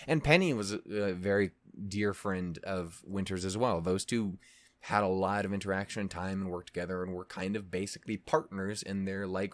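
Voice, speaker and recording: A man's voice: lowish voice, dry recording. A man talking casually to the camera as a reaction host, rambling and swearing, restarting his sentences often. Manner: rambling, profane, frequent restarts and fillers. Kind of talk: casual commentary.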